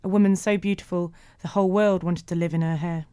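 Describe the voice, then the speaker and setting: A woman narrating a storybook in an even, measured way. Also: fairly low pitch, smooth, dry recording, studio quality.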